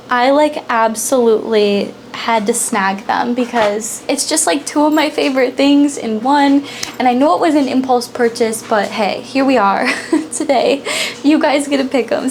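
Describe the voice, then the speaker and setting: Bubbly female tarot reader, giggly and chatty, slightly high-pitched. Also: slight background noise. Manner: giggly and bubbly, often laughing. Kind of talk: casual pick-a-card tarot reading.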